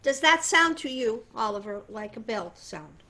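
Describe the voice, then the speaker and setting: An older woman voice teacher explaining singing technique in a conversational, animated way. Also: on the high side, moderate pace. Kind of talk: voice lesson demonstration and explanation.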